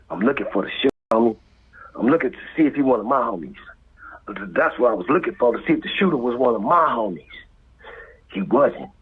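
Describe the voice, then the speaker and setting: A guest with a Los Angeles accent tells a street story in a very husky, mid-range voice, acting out voices and sound effects and dropping to whispers. The line is tinny and phone-like.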